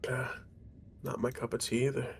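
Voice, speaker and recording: A man playing a tabletop game, low-key and often trailing off into mumbles. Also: level tone, moderate pace, creaky, slight background noise. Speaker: player.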